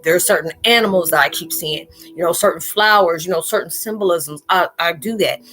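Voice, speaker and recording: A woman's voice: lowish voice, a little fast, a bit bright, soft background music. A spiritual vlogger talking casually and loosely to her viewers, repeating "you know" as she goes. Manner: chatty, loose, talks straight out with lots of "you know".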